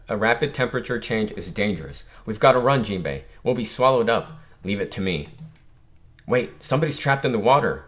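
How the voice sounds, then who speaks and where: A man's voice: on the low side, a bit bright. A man hosting a manga reaction video, reading the dialogue aloud in a plain voice and breaking off for casual commentary and self-corrections. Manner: reads character dialogue in a plain voice, stops to comment and correct himself. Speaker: manga reaction channel host.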